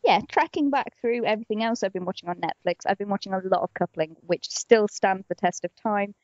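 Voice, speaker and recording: A woman's voice: medium pitch, fairly quick, no room sound. A young woman co-hosting a podcast, chatting casually and acting out quotes from shows in silly voices. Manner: animated storyteller, acts out quotes in silly voices. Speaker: podcast co-host. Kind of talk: casual chat. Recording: dull lo-fi podcast audio.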